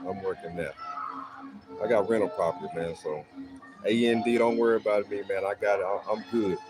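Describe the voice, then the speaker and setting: A middle-aged livestream host chats with viewers from home in a hot city neighborhood, laid-back and rambling, frequently dropping "man." He speaks a little fast in a lowish, steady voice, with music in the background and poor audio.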